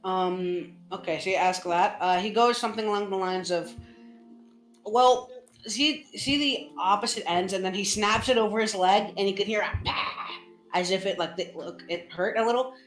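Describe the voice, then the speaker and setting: A woman's voice: medium pitch, fairly quick, hardly any pauses. A woman narrating a tabletop game as game master, rambling with many restarts. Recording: roomy with faint music.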